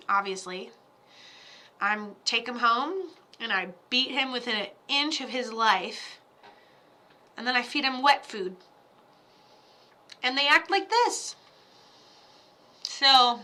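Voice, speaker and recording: A woman runs a live-stream mediumship reading in a sharp, bright voice. She delivers blunt, profane pep talks. Her voice sits high and cuts through. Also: slow pace, long pauses, slight background noise. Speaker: psychic medium.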